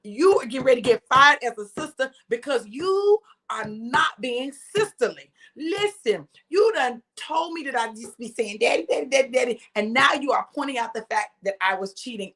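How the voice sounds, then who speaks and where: A woman in her fifties hosting a live stream, telling a family story in a chatty, animated way and talking straight to her viewers. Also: a little high, normal speed, hardly any pauses. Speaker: host.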